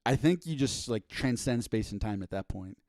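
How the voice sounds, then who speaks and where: A man's voice: medium pitch, animated, moderate pace, a little mellow, dry recording, studio quality. A man co-hosting a podcast in casual comedic chat, rambling and joking with many restarts. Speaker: podcast co-host.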